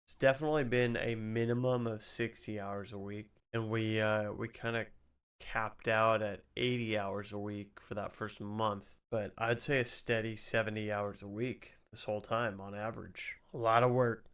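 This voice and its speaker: A young adult man streaming live, chatting casually about work and then reacting loudly while gaming, with frequent swearing. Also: lowish voice, little pitch movement, normal speed, clean tone.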